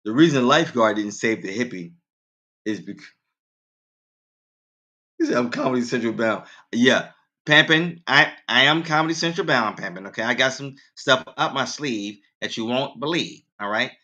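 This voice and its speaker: A man's voice: expressive, moderate pace, pushed and bright, lo-fi sound. A man hosting a casual radio show, telling dad jokes, laughing at his own punchlines and talking straight to his listeners. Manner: quoted voices go far higher in pitch.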